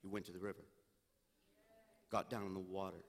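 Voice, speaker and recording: A senior pastor preaching a sermon, moving from loud pleading to quiet storytelling. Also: male voice, deep voice, level tone, fairly quick, vocal fry. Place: church sanctuary. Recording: long church reverb.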